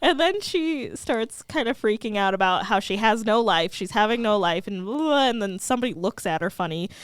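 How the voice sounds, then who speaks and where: A woman's voice: medium pitch, animated, clean tone, no room sound. A woman on a casual podcast, recapping a TV episode and acting out the characters' lines with frequent laughter. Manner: acts out characters' lines in quick bursts, laughs often. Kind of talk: casual podcast chat, retelling scenes.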